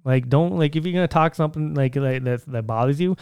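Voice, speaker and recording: Rambling man with a smooth, dry voice. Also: fairly high pitch, fast, darkish tone, no room sound. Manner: rambling, conversational, many fillers and restarts. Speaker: podcast host. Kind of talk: casual solo podcast monologue.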